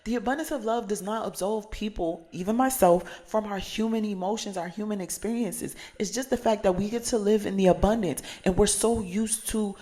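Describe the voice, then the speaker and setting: A woman's voice: medium pitch, fairly quick, hardly any pauses, warm tone. Woman, from New Jersey, life coach, casual motivational vlog, chatty, slangy, repeats herself. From New Jersey, USA.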